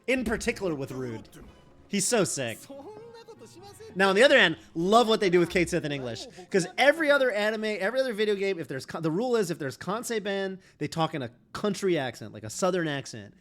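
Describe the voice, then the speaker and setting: A man's voice: sits high, very animated, fairly quick, a bit bright, faint music behind. A man streaming a game, chatting casually in a rambling way full of fillers and restarts. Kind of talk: casual chat while streaming.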